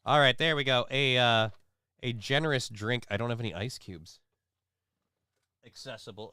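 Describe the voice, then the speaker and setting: A man's voice: medium pitch, moderate pace, pauses often, pushed and bright, clean tone, no echo. A man hosting a casual live stream, reading viewer comments and news stories aloud with sarcastic, offhand remarks. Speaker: livestream show host.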